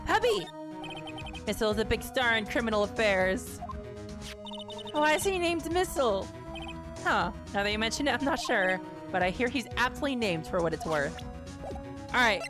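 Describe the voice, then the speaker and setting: A woman's voice: mid-range voice, a little fast. A young adult woman streaming a game, chatting casually and playfully and reading the dialogue aloud. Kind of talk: casual playthrough commentary. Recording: game music behind.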